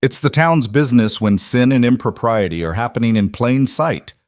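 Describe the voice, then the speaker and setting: A self-righteous town elder in a frontier audiobook, preachy and accusing, lecturing to be heard by a crowd, as a man reads him. The voice sits low and dry, close to the mic. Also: animated, moderate pace, a little mellow, no echo. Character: loud self-righteous older male town leader.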